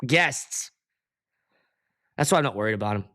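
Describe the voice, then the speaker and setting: A man DJs and hosts a casual livestream, telling animated stories and acting out guests' quotes with plenty of swearing. He has a medium pitch and a moderate pace.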